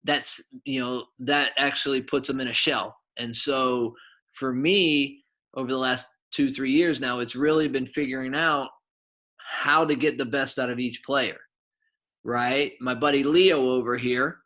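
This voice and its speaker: A middle-aged man, a soccer coach and former goalkeeper, telling stories to kids in a rambling, animated way with lots of fillers. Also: medium pitch, unhurried. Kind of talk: casual storytelling to kids.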